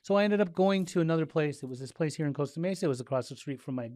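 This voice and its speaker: A middle-aged man from Southern California, a guest in a casual interview, telling his story with animated delivery and acting out the dialogue. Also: fairly high pitch, rapid-fire, dry recording, studio quality. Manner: animated, acts out dialogue, frequent "like" and restarts.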